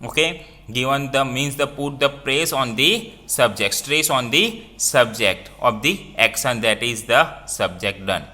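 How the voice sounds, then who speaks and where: A man's voice: medium pitch, expressive, unhurried, pushed and bright. A man with an Indian English accent teaching a grammar lesson, repeating points and quizzing listeners with "what?".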